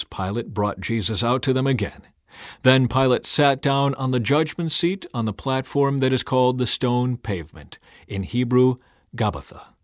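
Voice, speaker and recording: A man reading the Bible aloud in a scripted, expressive and dramatic way. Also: on the low side, no room sound, studio quality. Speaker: Bible reader.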